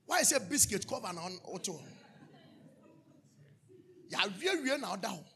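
A male pastor preaches in a high, raspy, gravelly voice, bright and sharp in tone. He throws questions out to the congregation for call-and-response and breaks into sudden shouts. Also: very animated, normal speed, slight background noise. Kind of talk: sermon.

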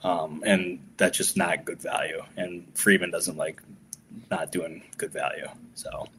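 A man co-hosting a podcast in casual sports chat, relaxed and loose. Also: sits low, unhurried, a little hiss or hum. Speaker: podcast co-host.

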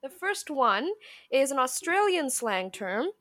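A woman in casual chat, playful and quick to laugh, guessing at slang terms. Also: sits high, very animated, a bit bright, no room sound, studio quality.

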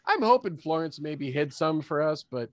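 A man's voice: fairly high pitch, sing-song, crowd noise. A man putting on a folksy, cheery drawling fellow. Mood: eager. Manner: hammy, drawn-out folksy phrasing. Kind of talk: tabletop role-play in character.

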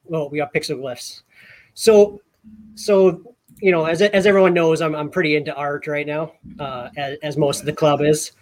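A man co-hosting a casual podcast, telling a story in an animated way with many repeated words. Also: on the high side, normal speed. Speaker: podcast co-host.

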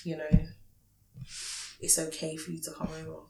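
A woman, loud and very expressive, laughing often as she chats. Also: low-pitched, normal speed, gravelly, echoey room. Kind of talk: casual chat.

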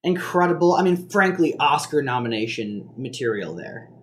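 A man's voice: mid-range voice, lively intonation, normal speed, a bit bright. A young man co-hosting a podcast in casual chat, joking and rambling with lots of fillers and restarts. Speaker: podcast co-host.

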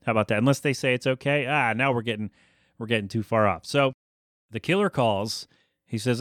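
A man's voice: mid-range voice, brisk, a bit bright, no echo, studio quality. A man hosting a podcast, recapping a TV episode in a casual, rambling way with jokey asides and self-corrections. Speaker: podcast host.

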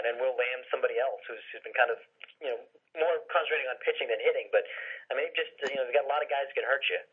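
A man co-hosting a sports podcast, heard over a thin, tinny phone line. His voice is husky and a little rough. He talks fast, stacking up restarts and fillers. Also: medium pitch. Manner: rapid, full of fillers and restarts. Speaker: podcast co-host. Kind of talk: casual sports analysis.

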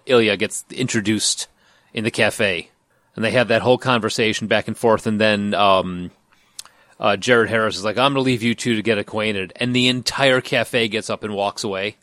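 A man hosting a casual podcast chat, teasing his co-hosts and pausing with fillers. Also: lowish voice, fairly bright tone, no room sound, clean studio sound.

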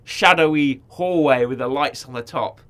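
A young British man in casual chat, telling stories with lively acted-out quotes. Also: fairly high pitch, moderate pace. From Britain.

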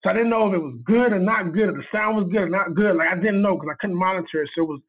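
A man, a video director, tells a story in casual chat, animated and laughing as he acts out what people said. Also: high voice, rapid-fire. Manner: animated, laughing retelling with quoted dialogue. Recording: tinny phone line.

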